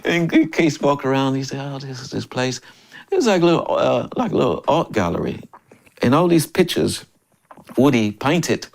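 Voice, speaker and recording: An older man in his sixties from Memphis, a drummer and interview guest, telling stories in a lively way, often laughing and acting out other people's lines. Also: mid-range voice, moderate pace, gravelly. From Memphis, USA. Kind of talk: casual storytelling interview.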